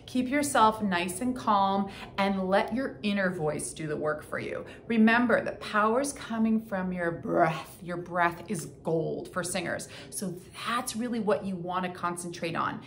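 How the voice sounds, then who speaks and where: A woman voice coach teaching a singing lesson, counting in and demonstrating warm-ups in an encouraging way. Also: mid-range voice, a little slow, few pauses, slight background noise. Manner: encouraging, counts in and sings along.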